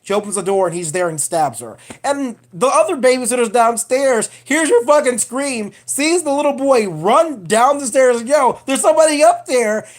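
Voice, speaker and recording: A woman's voice: a little high, expressive, moderate pace, few pauses. A woman vlogger giving a casual, profane, digressive film review rant.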